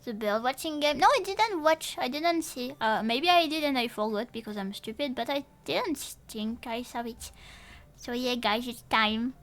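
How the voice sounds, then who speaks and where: A young woman who speaks natively, chatting casually on a live stream in a rambling, halting way with many restarts and playful swearing. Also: on the high side, animated, fairly bright tone. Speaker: VTuber streamer.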